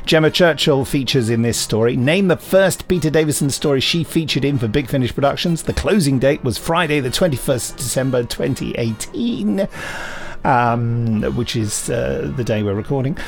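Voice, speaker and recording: A man from southern England hosts a podcast with a very animated, lilting voice. He chats and reads listener mail in a light, self-mocking way, with soft music underneath. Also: mid-range voice, moderate pace, vocal fry. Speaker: podcast host. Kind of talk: casual podcast chat.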